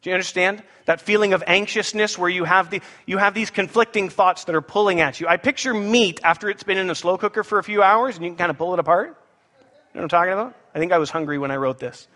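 A male pastor preaches in a high, bright, lively voice. He speaks to the congregation with playful asides. His voice rings around a large hall with a long reverb. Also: fast talker. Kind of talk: sermon.

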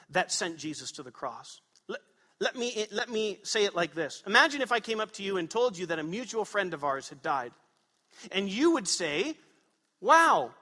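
A male pastor preaching a sermon in a church, his voice high and bright. He presses his points hard and throws questions out to the congregation. The sound rings with a long hall reverb. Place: church sanctuary.

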